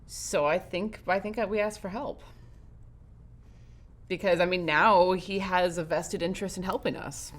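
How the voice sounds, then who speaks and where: A woman playing a board game with friends, thinking out loud about her moves, hesitating and restarting. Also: on the low side, fairly even intonation, normal speed. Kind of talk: casual play and chat.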